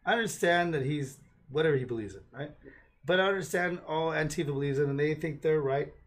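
A man hosts a podcast in loose, casual chat. He rambles and jokes in an animated way, and his voice sits fairly high for a man. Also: a little fast. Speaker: podcast host.

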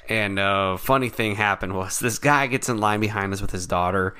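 Low-voiced man telling animated stories. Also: moderate pace, clear, resonant tone. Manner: animated storyteller, acts out quoted people. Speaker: podcast co-host. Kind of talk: casual chat.

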